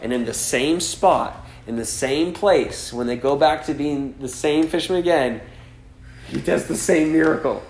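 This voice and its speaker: A man delivering a sermon with a loose, conversational flow, checking in with the room and using casual asides. His voice sits a bit high for a man. The sound carries a noticeable echo from the room. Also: normal speed, darkish tone, slight background noise. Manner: conversational preaching, many "right?" and "like" asides. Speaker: pastor. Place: church gathering.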